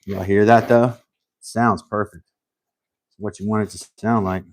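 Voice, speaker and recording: A man hosting a casual live stream, thinking aloud while he works, humble and a little halting, with frequent restarts. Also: fairly low pitch, steady tone, darkish tone, dry recording.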